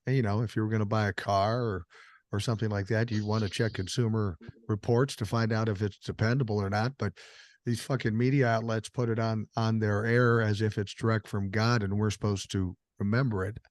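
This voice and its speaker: A man's voice: fairly low pitch, steady tone, normal speed, no room sound, clean studio sound. An older man hosting a podcast, talking in casual, blunt and profane chat while he has a cold. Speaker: podcast host.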